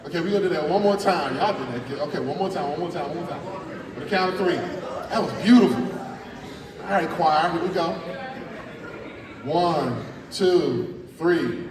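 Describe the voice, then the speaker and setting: A middle-aged man, a spoken word artist giving a lively, playful workshop talk to students in a large school hall. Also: fairly high pitch, moderate pace, long pauses. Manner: animated and playful, coaching the crowd. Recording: echoey hall from far off.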